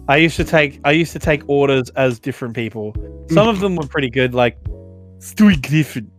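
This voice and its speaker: A young Australian man, a podcast co-host, telling work stories casually, animated and swearing, full of fillers. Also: fairly high pitch, normal speed, soft background music. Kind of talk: casual storytelling.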